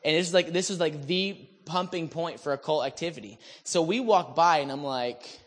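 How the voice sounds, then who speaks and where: A man preaching, telling a testimony story in an animated way that swings from hushed asides to shouted lines. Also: a little high, moderate pace, few pauses. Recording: long hall reverb.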